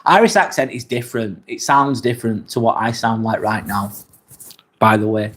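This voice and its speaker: A man's voice: lowish voice, normal speed, a bit bright. A young English man on a live-stream, casually reading chat comments and answering candidly, swearing now and then. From England. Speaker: livestream vlogger.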